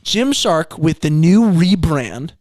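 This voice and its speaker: A young man hosting a casual podcast, ranting in an excitable way and repeating himself as he talks. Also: on the high side, takes it slowly, no room sound, studio quality. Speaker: podcast host.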